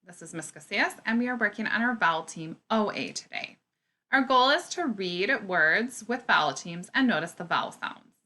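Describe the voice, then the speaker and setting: A woman teacher leads a recorded phonics lesson, her pitch rising and falling in a lively, animated way. She speaks slowly and clearly and sounds encouraging.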